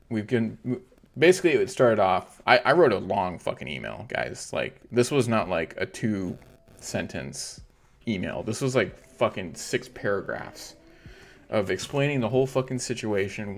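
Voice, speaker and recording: Swearing, frustrated male livestream host. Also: lowish voice. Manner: frustrated, heavy swearing, ranting. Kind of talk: casual livestream rant.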